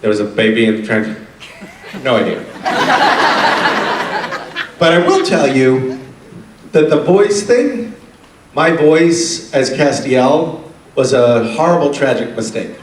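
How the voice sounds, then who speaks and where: A middle-aged man telling funny stories to a convention crowd, animated and often laughing. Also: slow pace, pauses often, a little hiss or hum. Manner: animated, laughing, drops into a deep gravelly put-on voice for quotes. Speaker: convention panel guest. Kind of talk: casual storytelling on stage. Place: convention hall stage. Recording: echoey hall, distant mic.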